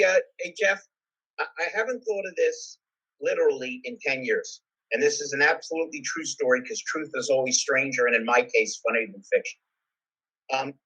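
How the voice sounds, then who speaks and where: A man's voice: medium pitch, lively intonation, moderate pace, a bit bright, slightly rough, rough recording. A salesman telling a funny story from his own career in a casual, self-mocking way.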